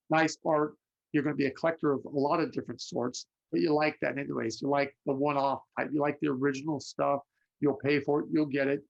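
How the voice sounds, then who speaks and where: A man giving a psychic reading, telling stories with lively acted-out voices. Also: on the high side, creaky. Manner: animated storyteller, acts out voices in anecdotes. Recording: lo-fi muffled audio.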